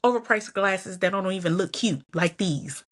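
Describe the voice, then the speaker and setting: A woman's voice: mid-range voice, moderate pace. A woman hosting her own show, talking casually and candidly to viewers while trying not to cry. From Georgia, US. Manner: chatty, candid, laughs and sighs often. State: holding back tears. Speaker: podcast host. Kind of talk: casual personal vlog talk.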